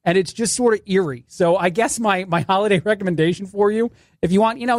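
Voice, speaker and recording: This stand-in radio host has a high-pitched voice and talks a little fast, delivering a sarcastic, meandering monologue full of restarts. It's a casual piece, captured in a studio-quality recording with no room sound.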